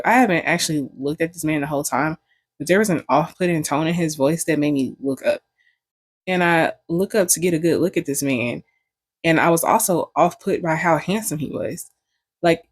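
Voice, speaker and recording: A woman's voice: low-pitched, no room sound. Young woman vlogger, casual storytelling, profane and joking, dry close sound.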